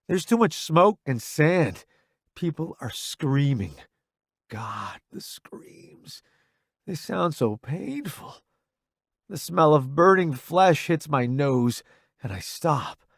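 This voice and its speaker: Male narrator, first-person audiobook, expressive, fairly high voice, dry sound. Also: no echo.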